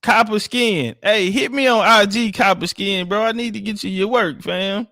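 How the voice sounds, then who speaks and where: A man's voice: high voice, moderate pace, sharp tone, dry recording, studio quality. A man from Texas, hosting a livestream and bantering with viewers in a joking, boastful, profane way. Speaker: livestream host. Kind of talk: casual livestream chat with viewers.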